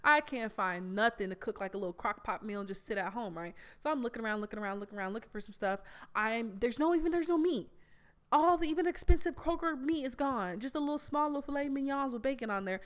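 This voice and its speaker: A young adult woman, hosting a podcast and telling a story in a blunt, animated way with plenty of swearing. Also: fairly high pitch, fast. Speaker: podcast host. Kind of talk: casual storytelling monologue.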